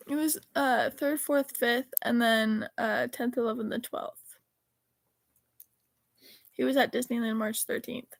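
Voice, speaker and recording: A woman's voice: a little high, fairly even intonation, a little slow, vocal fry, long pauses, no room sound. A teenage girl chatting casually, rambling and correcting herself as she reads old text messages aloud. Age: teens. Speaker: vlogger. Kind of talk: casual chat reading texts aloud.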